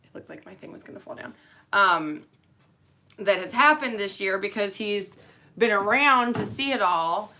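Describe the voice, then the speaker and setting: Young adult woman, bright voice, middle pitch, candid rambling vlog, emotional, lots of fillers. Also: lively intonation, moderate pace. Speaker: nurse. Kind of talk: personal vlog to friends and family.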